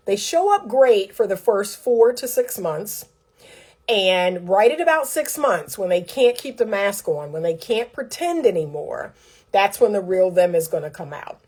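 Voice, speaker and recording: A woman's voice: mid-range voice, a little mellow, low-quality recording. A woman relationship coach giving direct, emphatic advice straight to the viewer, counting points off a list. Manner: acts out quoted speech in a raised voice.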